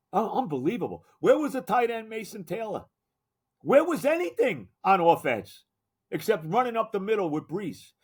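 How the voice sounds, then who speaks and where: Older male podcast host, exasperated and emphatic, bright-pitched with a lively, animated delivery. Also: slightly rough. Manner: exasperated, emphatic, repeats himself. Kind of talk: solo sports rant.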